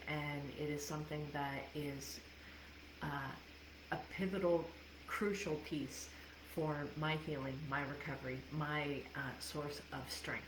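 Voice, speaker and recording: On a casual livestream, a woman life coach talks frankly to her live audience, cursing freely and laughing a lot. She has a deep, fairly bright voice. The sound carries a little hiss or hum, in an echoey room with faint ambience.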